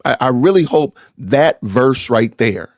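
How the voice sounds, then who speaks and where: Lively, stammering middle-aged man ranting. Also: medium pitch, unhurried, no echo, studio quality. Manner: indignant, stammering, repeating himself. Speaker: podcast host. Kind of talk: live-streamed commentary rant.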